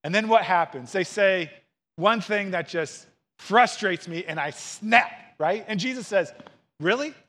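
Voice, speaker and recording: High-voiced man preaching an expressive sermon. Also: measured pace. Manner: earnest, expressive preaching with acted quotes. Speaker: pastor.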